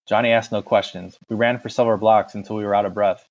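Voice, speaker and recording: A man reading a novel aloud in a plain, steady first-person narration, on a dull lo-fi recording. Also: lowish voice, quick pace. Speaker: audiobook reader.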